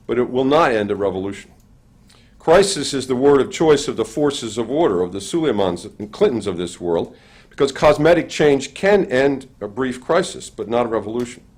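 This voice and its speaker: An older man with a grandson, speaking as a panelist and giving an academic lecture in a measured, dryly humorous way. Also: mid-range voice.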